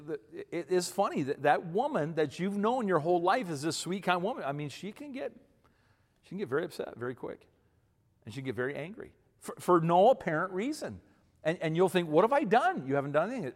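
Folksy, emphatic man in his fifties. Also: on the high side. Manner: folksy, emphatic, repeats himself. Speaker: speaker giving marriage advice to men. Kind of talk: advice talk to an audience. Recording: long hall reverb.

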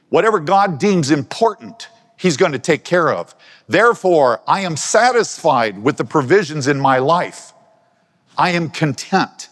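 A man preaching a conversational sermon, asking his listeners questions as he talks. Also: a little high. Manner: conversational, asks the congregation questions. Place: church hall. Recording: long hall reverb.

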